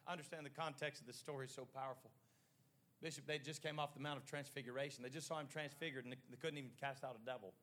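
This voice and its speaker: A man preaching a sermon in short rhythmic phrases that build to shouting. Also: medium pitch, steady tone, fast talker.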